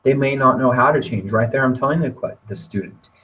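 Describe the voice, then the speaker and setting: A man's voice: mid-range voice, a little fast, hardly any pauses. Man teaching a webinar from afar. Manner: relaxed conversational teaching with fillers. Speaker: teacher training webinar presenter. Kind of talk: webinar lecture. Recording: voice distant from the mic.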